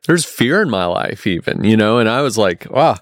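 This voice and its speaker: A man telling a long personal story in casual podcast talk, full of restarts and fillers, getting animated when he quotes people. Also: fairly low pitch, moderate pace, dry recording. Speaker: podcast guest.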